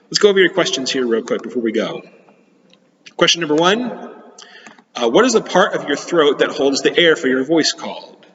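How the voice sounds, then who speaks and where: A man's voice: a little high, expressive, moderate pace, a bit bright. A man gives a children's science lesson in a chatty manner and walks his listeners through hands-on demonstrations. The recording sounds dull and muffled, and a long reverb trails after his words as if he is in a big hall. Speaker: science teacher.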